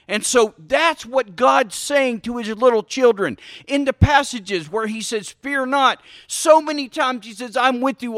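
Male preacher, high and bright, unhurried sermon, emphatic repeats, Q-and-A with the congregation. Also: no room sound, clean studio sound. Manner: asks the listeners questions and answers them himself; emphatic, repeats key phrases. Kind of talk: sermon with Bible reading.

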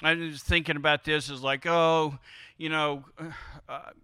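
Male pastor, high and ringing, conversational sermon, drawn-out emphasis, dry close sound. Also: level tone, pushed and bright, smooth, no echo. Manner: conversational, prods the congregation with questions.

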